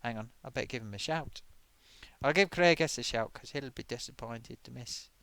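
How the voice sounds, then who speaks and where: Here a medium-pitched, slightly bright male voice keeps a moderate pace with no room sound behind it. He's running a live stream, reading viewer comments aloud in a loose, self-amused, chatty manner packed with fillers, all casual stream talk.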